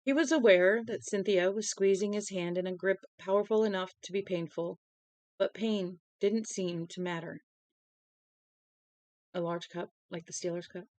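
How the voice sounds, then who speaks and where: A woman's voice: medium pitch, steady tone, normal speed, a little mellow, dry recording, poor audio. Tired, chatty woman reading aloud. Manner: chatty, breaks off reading to talk to chat. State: tired, yawning. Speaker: streamer reading a novel aloud. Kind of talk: casual book reading with chatty asides.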